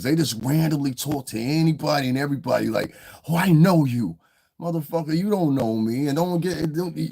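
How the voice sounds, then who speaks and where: A man's voice: a little high, creaky, husky. A man in a casual livestream rant, talking in a blunt, heated, profane way as the show's commentator.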